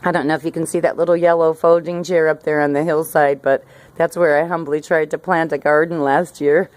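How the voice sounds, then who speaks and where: Outside by a hillside garden, a middle-aged female vlogger with a low voice chats casually to her camera about her day. She rambles, keeps restarting her sentences, and laughs often. The pace is brisk and the recording dry.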